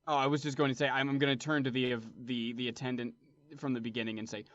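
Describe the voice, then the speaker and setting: Relaxed male player, dry muffled mic. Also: mid-range voice, quick pace, no room sound. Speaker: co-host and player. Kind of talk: tabletop game play.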